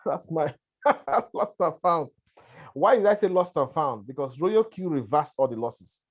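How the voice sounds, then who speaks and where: His voice is fairly high with lively intonation and a measured pace as he presents a webinar over a conference call. The man has a lingering cough, speaks conversationally and repetitively, and keeps checking on listeners with "right" and "all right."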